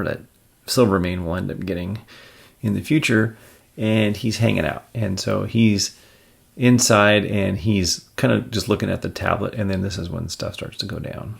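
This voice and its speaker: A man's voice: sits low, vocal fry, husky. A man casually reviewing and reading a comic book aloud, chatty and amused, with jokey asides.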